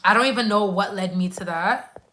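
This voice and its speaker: A woman's voice: mid-range voice, moderate pace, heavy background noise. A woman from Quebec, a nurse and YouTuber, chatting casually on a live stream and reacting to viewer comments with slangy, emphatic asides. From Quebec, Canada.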